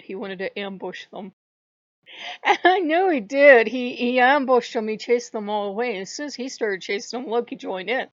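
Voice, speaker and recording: A woman hosting a casual spiritual vlog, telling a rambling, animated story and laughing often. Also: fairly high pitch, no echo. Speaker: channel host. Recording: dull lo-fi dry recording.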